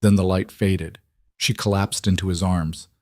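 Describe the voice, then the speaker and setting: A man narrating a dark fantasy story in measured, clipped dramatic phrases. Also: low-pitched, fairly even intonation, dry recording, clean studio sound. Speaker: audiobook narrator.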